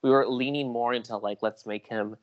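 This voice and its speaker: A man's voice: mid-range voice, a little fast, dull audio. Chatty man rambling as a podcast guest. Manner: chatty and excitable, rambles with many restarts. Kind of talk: casual chat.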